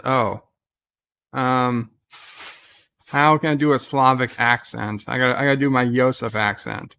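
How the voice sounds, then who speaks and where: A man hosting a laid-back livestream, chatting through viewer messages. His voice sits a little high for a man. He rambles, restarts his sentences and drops sardonic jokes. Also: normal speed, a bit bright. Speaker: livestream host. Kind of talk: casual livestream chat reading viewer messages.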